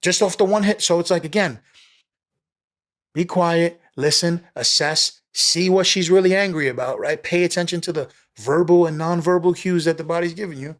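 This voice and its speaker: A man, a former police officer, telling a story as a podcast guest in casual speech, animated, peppered with "right?" and "you know" and the odd swear. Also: a little high, moderate pace. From New York City.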